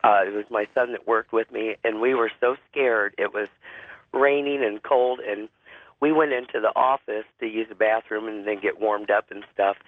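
A man with a deep voice and a cold, calling in to tell a spooky story, halting with lots of fillers. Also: no echo. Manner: halting, many fillers and restarts. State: has a cold. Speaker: caller. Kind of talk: phone-in ghost story. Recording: phone line.

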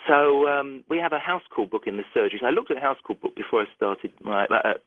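A middle-aged man, a doctor, telling a story in a phone interview, animated and restarting sentences often. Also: medium pitch, fast, no room sound. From United Kingdom. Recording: tinny dry phone line.

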